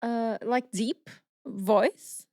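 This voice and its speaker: A woman from Portugal speaking English with a Portuguese accent as a podcast co-host, talking casually and often pausing to search for words. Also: a little high, vocal fry, dark tone, no echo, clean studio sound. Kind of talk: casual chat.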